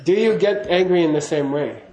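A man's voice: high-pitched, brisk, mellow, reverberant, low-quality recording. A man giving a casual spoken teaching to a class, chatty and laughing, often checking in with "okay?". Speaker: Buddhist teacher.

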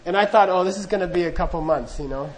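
A man's voice: high voice, fast, rough recording. A middle-aged man telling a humorous, self-deprecating story to an audience in a loose, anecdotal way, acting out the dialogue. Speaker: speaker recounting monastery training.

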